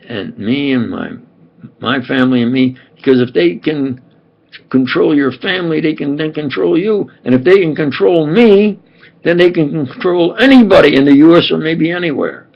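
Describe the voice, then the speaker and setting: An older man with a New York accent talks in an emphatic, digressive monologue, circling back and repeating himself. His voice is gravelly and raspy, sitting a little high. The home recording sounds dull and lo-fi. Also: moderate pace. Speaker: self-styled scientist and preacher. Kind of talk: rambling monologue.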